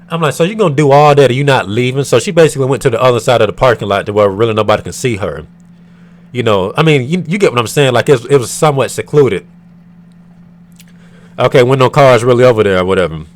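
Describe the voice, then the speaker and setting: A man's voice: medium pitch, slight background noise. A man from the United States vents to his camera in a storytime rant. He talks in an irritated and profane way, rambling and full of fillers. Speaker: vlogger.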